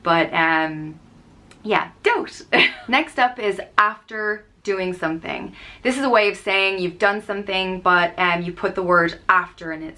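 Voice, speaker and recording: A woman's voice: fairly low pitch, bright, forceful tone. An Irish woman in her thirties, chatting casually and explaining phrases with lots of ums and playful example lines. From Ireland. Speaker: vlogger.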